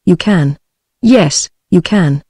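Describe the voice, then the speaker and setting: A computer-generated woman's voice with a British English accent reading the lines of a soft, insistent young farmhand in an audiobook. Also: on the low side, lively intonation, takes it slowly, husky, dry recording, studio quality, heavily acted. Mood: softly insistent. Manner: softly insistent, repeating himself.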